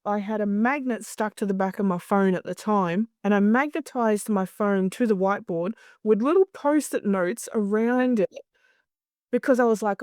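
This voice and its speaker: A woman guest talking candidly in an interview, blunt and animated, swearing freely as she tells stories. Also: mid-range voice, moderate pace, dry recording, clean studio sound. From Australia. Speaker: guest, clinical hypnosis director.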